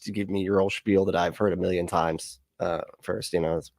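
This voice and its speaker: A man's voice: deep voice, little pitch movement, a little fast, darkish tone, no echo, clean studio sound. A man commentating on a livestream, mocking and profane, laughing often through his sarcastic remarks.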